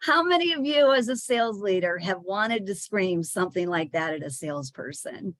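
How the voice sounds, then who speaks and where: A woman's voice: medium pitch, lively intonation, normal speed, fairly bright tone, no room sound. A woman giving a chatty presentation to sales leaders, with frequent fillers and small restarts.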